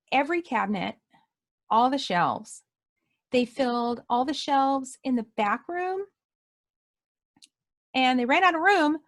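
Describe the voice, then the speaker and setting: A woman telling a heartfelt personal testimony in a casual way, acting out what people said. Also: sits high. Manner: animated, acts out quoted voices, emotional retelling. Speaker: storyteller sharing a personal testimony.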